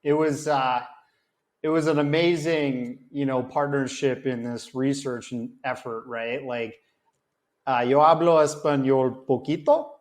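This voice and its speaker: A documentary filmmaker chatting casually in an interview, acting out dialogue with lots of fillers. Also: male voice, medium pitch, measured pace. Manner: animated storyteller, acts out dialogue, many fillers.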